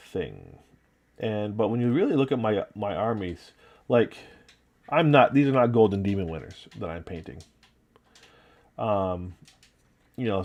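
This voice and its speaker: Stream host, male, upstate New York accent, low easygoing voice, rambles between tasks. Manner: relaxed, rambling, talking while working and reading chat. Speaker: livestream host painting miniatures. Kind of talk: casual livestream chat.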